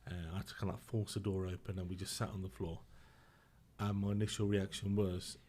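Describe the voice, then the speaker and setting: Subdued low-voiced man. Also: level tone, mellow. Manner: subdued, emotional, halting with restarts. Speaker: podcast guest. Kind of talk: personal storytelling.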